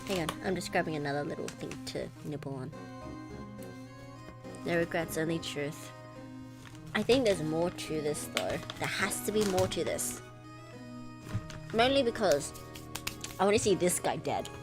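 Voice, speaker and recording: A woman's voice: deep voice, animated, moderate pace, pauses often. A young woman streaming a game from home, chatting expressively and reacting, with a scratchy throat from coughing. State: coughing, something stuck in her throat. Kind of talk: casual live-stream commentary. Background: background music.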